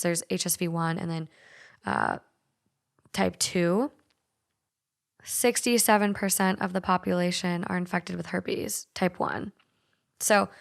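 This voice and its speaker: Speaking in a mid-range voice with vocal fry, a young woman podcast host with a light Minnesotan accent chats casually, swears freely, and reads listener stories out loud.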